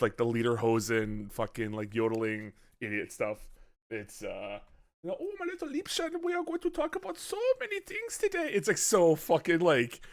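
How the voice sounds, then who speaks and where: A man hosting a casual movie podcast, loose and joking with swearing and laughing asides. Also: medium pitch. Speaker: podcast host.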